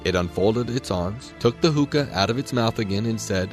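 Expressive low-voiced man reading a storybook. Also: moderate pace, hardly any pauses, soft background music. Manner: expressive, dramatic narration.

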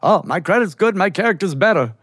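A man's voice: high-pitched, expressive, a little fast, fairly bright tone, dry recording, clean studio sound, voice pushed up. A man voicing a shrewd, blunt old Jewish shopkeeper with a New York Yiddish accent. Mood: wry. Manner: blunt, wisecracking.

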